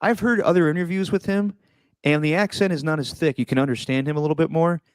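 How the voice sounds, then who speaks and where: A man's voice: on the high side, quick pace, no room sound. Chatty man hosting, in a dry room. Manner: chatty, laughs easily, mimics quotes. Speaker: podcast host. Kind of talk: casual chat.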